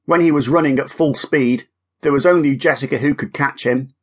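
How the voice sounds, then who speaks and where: A man narrating a children's audiobook in a lively, expressive way. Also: medium pitch, brisk, slightly rough.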